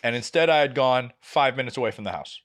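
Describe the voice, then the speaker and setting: A young man, co-hosting a casual podcast and telling a frustrating story with animated, exasperated energy and plenty of swearing. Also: mid-range voice, fast. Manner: animated, exasperated, swears freely, acts out quotes. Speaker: podcast co-host.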